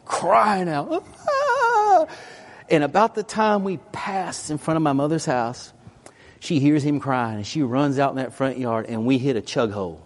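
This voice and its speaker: A man preaching a sermon as a pastor. He tells personal stories in an animated, emphatic way that swings between loud and quiet. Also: fairly high pitch.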